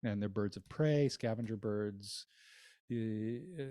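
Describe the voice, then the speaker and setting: A cantor teaching an introductory class in a casual way, with many ums and uhs and wry asides. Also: male voice, on the low side, slow, warm tone, no room sound. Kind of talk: recorded lecture with slides.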